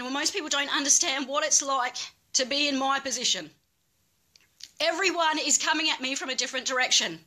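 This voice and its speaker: A woman's voice: sits high, sharp tone. A woman with an Australian accent making an impassioned, angry plea as an activist guest, emphatic and swearing.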